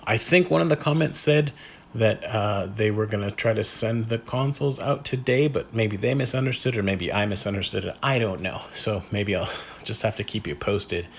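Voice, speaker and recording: Low-voiced wry man vlogging at home. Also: moderate pace, a little hiss or hum. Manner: wry and self-deprecating, thinking aloud. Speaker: collector and channel host. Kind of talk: casual unboxing vlog.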